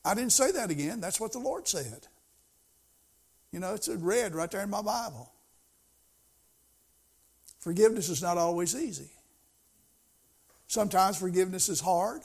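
A man's voice: sits high, expressive, normal speed, vocal fry, long pauses, husky. A middle-aged man preaching a sermon as pastor, in a folksy, conversational way that rises to emphasis.

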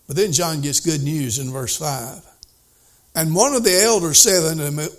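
A man preaching a sermon, reading scripture aloud in old wording and explaining it plainly, his voice rising to emphatic and dropping to hushed. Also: a little high, lively intonation, unhurried. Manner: voice rises and falls widely, at times emphatic, at times hushed.

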